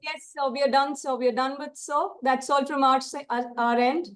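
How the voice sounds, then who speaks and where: A woman's voice: high-pitched, steady tone, moderate pace. A woman coordinating the session, wrapping it up politely and repeatedly addressing the examiner as sir. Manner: courteous, repeats "sir" often. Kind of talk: polite formal wrap-up.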